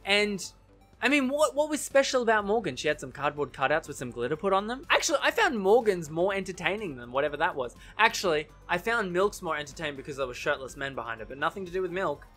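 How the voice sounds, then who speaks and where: Man, casual TV recap vlog, opinionated, bright voice, self-correcting, laughs easily. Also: high-pitched, very animated, quick pace, soft background music. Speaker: TV recap vlogger.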